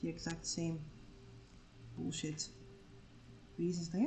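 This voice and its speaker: A woman's voice: fairly low pitch, moderate pace, pauses often, soft background music, poor audio. Swearing, sarcastic woman telling a story. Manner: animated, profane, sarcastic anecdote telling. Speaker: livestreaming artist. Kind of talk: casual storytelling while drawing on stream.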